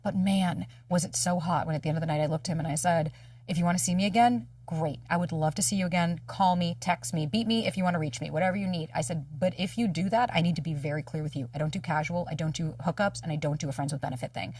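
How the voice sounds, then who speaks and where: A woman in her thirties talks candidly as a dating coach, fast and emphatic, acting out the voices of people she quotes. Her voice sits a little low and sounds husky. The recording is dry and a little off-mic. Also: a little mellow, dry recording, distant mic. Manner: fast, emphatic, swears freely, acts out quoted dialogue. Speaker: dating coach, podcast guest.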